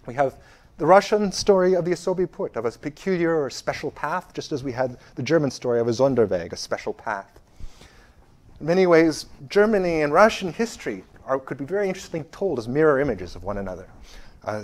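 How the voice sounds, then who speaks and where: A man giving a university history lecture, stressing key phrases loudly and dropping to quiet asides, with frequent fillers and restarts. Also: mid-range voice, animated, fairly quick.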